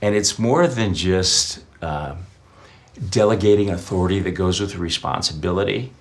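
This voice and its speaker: Low-voiced man telling stories. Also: moderate pace. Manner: reflective, tells personal anecdotes. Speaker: interview guest. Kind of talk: conversational interview answers.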